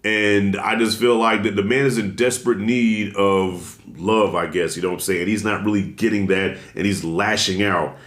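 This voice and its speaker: A man's voice: lowish voice, normal speed, hardly any pauses. Emphatic man ranting in an echoey room. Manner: animated, emphatic and blunt, heavy slang. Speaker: commentary vlogger. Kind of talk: casual opinion commentary. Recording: roomy echo.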